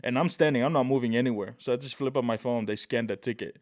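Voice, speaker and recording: Male guest from Tonga, mid-range voice, lively anecdotes, dry podcast mic. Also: mid-range voice, quick pace, no room sound. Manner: animated, excitable, peppers speech with "right?" and "bro". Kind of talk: casual storytelling.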